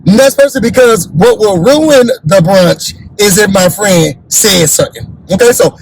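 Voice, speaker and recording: A man hosting a reality TV recap in an animated, blunt, sassy way, acting out what the cast said. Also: sits high, a little slow, creaky, breathy edge, poor audio. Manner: sassy, blunt, acts out quoted cast members.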